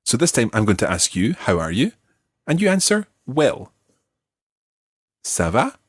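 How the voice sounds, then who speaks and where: A man hosting an audio language lesson, explaining patiently and modeling words slowly for listeners to repeat. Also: medium pitch, wildly swooping pitch, slightly rough, no room sound. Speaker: language teacher and host.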